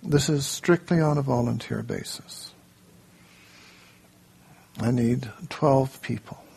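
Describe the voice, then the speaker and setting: A man leading a workshop, telling a story in an unhurried way, then giving a group plain instructions in a room. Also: mid-range voice, gravelly, darkish tone, husky. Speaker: workshop leader.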